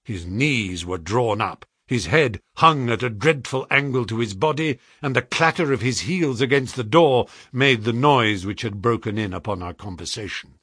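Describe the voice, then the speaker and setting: Man reading classic fiction aloud, animated pitch, slightly husky, dry close sound. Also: normal speed, few pauses, no echo. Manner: dramatic, building tension. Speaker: audiobook narrator. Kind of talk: scripted narration.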